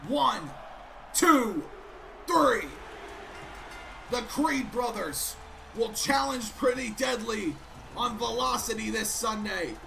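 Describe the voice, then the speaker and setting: A man doing excitable play-by-play commentary of a wrestling video game, keeps breaking off with sudden interruptions. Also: very high-pitched, slow pace, vocal fry, long pauses, a little hiss or hum.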